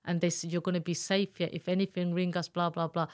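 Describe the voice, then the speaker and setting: Earnest lower-voiced woman. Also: little pitch movement, quick pace. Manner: candid, earnest, acts out quoted speech. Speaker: guest, abuse survivor telling her story. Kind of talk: emotional personal storytelling.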